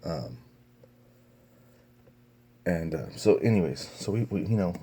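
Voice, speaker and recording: A young man with a low, husky voice tells a story on his vlog. His tone is dark and mellow, and he speaks in a loose, profane ramble full of "um"s and false starts. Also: lively intonation, slow. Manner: profane, rambling telling full of fillers and restarts. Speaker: vlogger.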